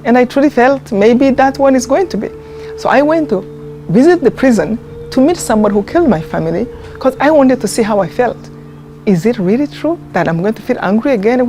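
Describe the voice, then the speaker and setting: A woman speaks in a mellow, warm voice, telling her story in an earnest, heartfelt way. She pauses and restarts as she searches for words, and soft music plays faintly behind her. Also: fairly high pitch. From Rwanda. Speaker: interviewee, genocide survivor. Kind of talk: personal testimony in a documentary interview.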